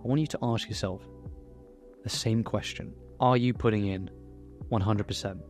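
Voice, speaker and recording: A man's voice: lowish voice, fairly even intonation, moderate pace, darkish tone, faint music behind. A young man, speaking candidly and earnestly in a personal motivational monologue, swearing now and then. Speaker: YouTuber.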